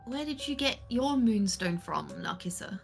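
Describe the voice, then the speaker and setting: A woman talks slowly with a lively, higher pitch and a gravelly rasp of vocal fry. She speaks casually as a player at a tabletop game, with faint music behind her. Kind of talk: casual in-character play.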